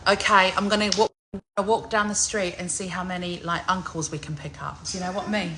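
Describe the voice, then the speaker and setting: A woman, chatting excitedly in a salon vlog, loud, laughing and swearing freely. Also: medium pitch, moderate pace, hardly any pauses, slight background noise, rough recording. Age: 40s. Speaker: singer.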